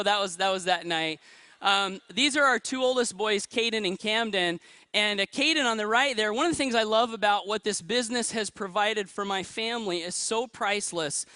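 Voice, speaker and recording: A high, bright man's voice pushes through a motivational talk with real energy, throwing questions out to the crowd. He sounds to be in his thirties, and the sound is dry and close with almost no room around it. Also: clean tone, no room sound. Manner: energetic, asks the audience questions. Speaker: motivational speaker.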